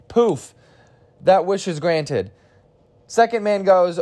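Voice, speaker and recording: This podcaster in his twenties sounds worn out and hoarse as he rambles through a joke, mocking himself, restarting often, and swearing casually. His voice is high, animated, slow, and mellow.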